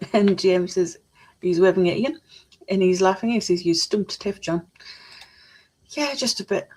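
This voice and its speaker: A woman's voice: mid-range voice, measured pace, pauses often, darkish tone. A woman chatting casually on a live stream, reading out chat messages while she builds a model kit at her desk.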